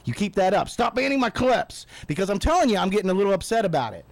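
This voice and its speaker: A male radio host rants bluntly and swears freely in a fairly high voice. His sound is close and dry, recorded in a radio studio. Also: very animated, fast, creaky, no room sound. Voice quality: blunt, profane, ranting. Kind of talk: ranting radio talk.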